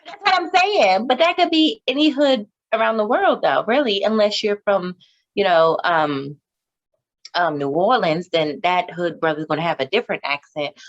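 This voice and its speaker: A woman co-hosting a casual chat show, measured and reasoning, often putting questions to her partner. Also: mid-range voice, lively intonation, highs cut off. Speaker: podcast co-host.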